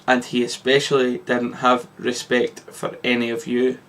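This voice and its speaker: A man's voice: mid-range voice, completely flat delivery, moderate pace, fairly bright tone, close to an everyday voice. A man voicing an angry male diner owner who scolds and dismisses his customers. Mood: scornful.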